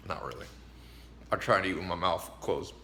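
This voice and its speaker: Bright-voiced man preaching patience to camera. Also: low-pitched, wildly swooping pitch, measured pace, a little hiss or hum. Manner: emphatic, preachy, chuckles between points; talks while eating. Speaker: vlogger giving life advice. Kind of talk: casual motivational monologue to camera.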